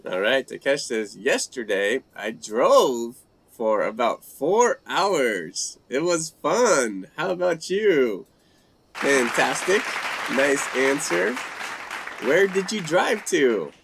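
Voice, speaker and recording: Slow, gravelly-voiced man hosting a chat. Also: medium pitch, very animated, fairly bright tone, a faint crowd. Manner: slow and halting, trying out phrases in several languages. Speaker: host of a language-learning live chat. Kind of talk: casual live-stream chat.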